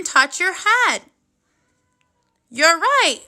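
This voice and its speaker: A woman teaching first graders on video, with a high, very bright voice. She speaks slowly and clearly and keeps encouraging the children as she goes. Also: very animated. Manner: slow, clear, encouraging classroom delivery. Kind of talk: video phonics lesson for children.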